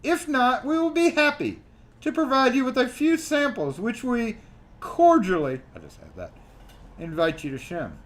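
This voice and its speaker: A man's voice: very high voice, big pitch swings, moderate pace, pitched above the performer's own voice. A man reading a formal complaint letter aloud in the voice of an indignant sales manager. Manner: pompous, over-enunciated letter reading.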